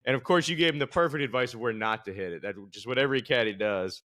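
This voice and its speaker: A man's voice: medium pitch, a bit bright. A man hosting a podcast, talking in a casual way and answering with short agreements. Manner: laid-back, quick short agreements. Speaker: podcast host. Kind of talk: casual chat.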